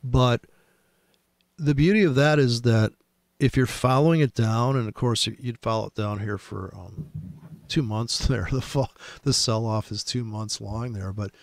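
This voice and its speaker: A man's voice: medium pitch, a little slow, dry recording, studio quality. A man hosting a casual chat, telling rambling, profane trading stories full of restarts.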